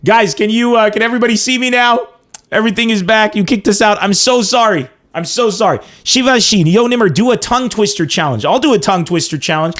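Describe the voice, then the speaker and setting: An excitable man hosting a livestreamed comedy podcast. His voice sits fairly high for a man. He chats loosely with callers and viewers, laughs often and reads comments out as he goes. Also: fast talker. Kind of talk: casual livestream chat with callers and chat.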